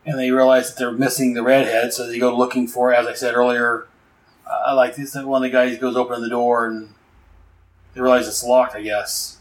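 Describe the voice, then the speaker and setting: A man's voice: medium pitch, little pitch movement, brisk, reverberant, low-quality recording. A man giving a casual, rambling recap of a comic book issue, full of fillers and enthusiastic asides.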